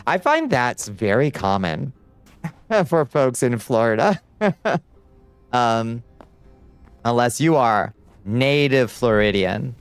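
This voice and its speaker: A man's voice: on the low side, clear, resonant tone, dry recording. A man streaming a video game, chatting casually and answering his chat aloud. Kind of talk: casual livestream chat while gaming.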